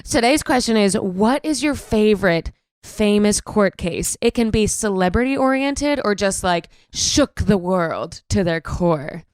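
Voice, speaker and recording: A woman in her thirties hosting a comedy podcast, telling stories fast in casual chat and slipping into playful impressions, with a bit of a morning voice. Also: medium pitch, lively intonation, no echo. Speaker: podcast host.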